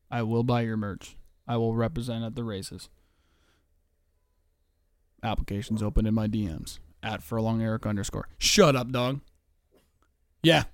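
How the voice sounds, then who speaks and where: A man's voice: on the low side, darkish tone, dry recording. A man hosting a casual solo podcast, rambling with lots of fillers, restarts and swearing. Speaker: podcast host.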